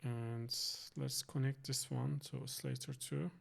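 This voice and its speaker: A man presenting a software synthesizer tutorial, thinking aloud with fillers and quick self-corrections. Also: mid-range voice, little pitch movement, creaky. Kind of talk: screen-recorded software tutorial. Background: synth tones playing under the voice.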